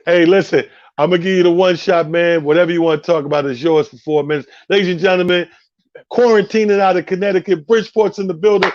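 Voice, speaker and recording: A man's voice: sits high, fairly even intonation, fast talker. A man hosting a casual chat, hyping up his guest and laughing easily. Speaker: host. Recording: dull lo-fi audio.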